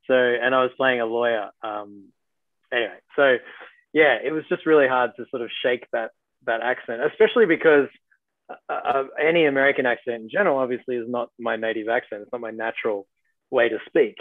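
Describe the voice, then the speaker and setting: A man's voice: mid-range voice, steady tone, moderate pace, no room sound. A chatty Australian actor talks through a thin, phone-like call line. The sound is dry and close, and his speech wanders with fillers and restarts. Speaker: actor guest. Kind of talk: casual video-call interview.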